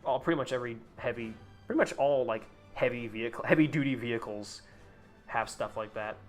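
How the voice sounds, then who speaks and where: A man's voice: mid-range voice, brisk, soft background music. A young man chatting casually on a live game stream, rambling, swearing freely and laughing at his own jokes.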